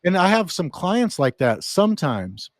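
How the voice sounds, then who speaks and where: A man's voice: high voice, very animated, measured pace, no echo. A man hosting a podcast interview, speaking bluntly and casually and swearing now and then. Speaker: podcast host, recovery coach.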